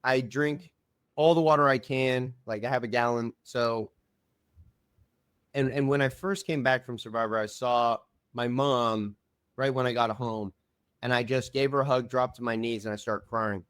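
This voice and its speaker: A man's voice: medium pitch, steady tone, moderate pace, fairly bright tone, clear, resonant tone, no echo, studio quality. A man talking as a guest on a podcast, telling stories in an earnest, rambling way with lots of fillers. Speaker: reality show contestant and podcast guest. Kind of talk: casual chat.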